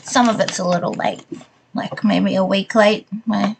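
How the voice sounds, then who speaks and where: A young woman with a mild Australian accent chats to her live viewers in a loose, easygoing way. She talks at a slow, unhurried pace, dotting her sentences with "like" and small laughs, at a middling pitch. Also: gravelly, a little hiss or hum. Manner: chatty, relaxed, frequent likes and laughs. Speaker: livestreamer. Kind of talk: casual chat with live viewers while building.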